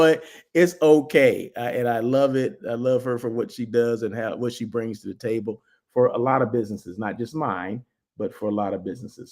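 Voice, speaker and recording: A man's voice: medium pitch, darkish tone. A man hosting a live daily show, chatting casually in a rambling way with lots of asides and restarts. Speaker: host. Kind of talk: casual livestream chat.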